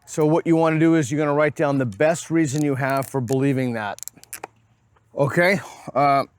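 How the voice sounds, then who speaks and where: A man's voice: on the high side, fairly even intonation, normal speed, smooth. A man with a Boston accent hosting a casual street interview, playful and teasing. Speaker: host. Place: outdoors on a college campus.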